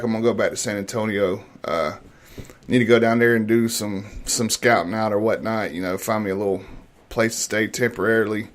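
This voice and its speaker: A man in his thirties co-hosting a casual morning talk show, laid-back, laughing often and calling people "man". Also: medium pitch. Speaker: co-host. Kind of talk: casual chat.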